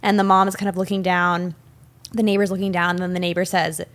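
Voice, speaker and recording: A young woman co-hosting a film podcast, retelling scenes in a chatty, animated way with many fillers. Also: fairly low pitch, fast. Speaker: podcast co-host. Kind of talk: casual film discussion.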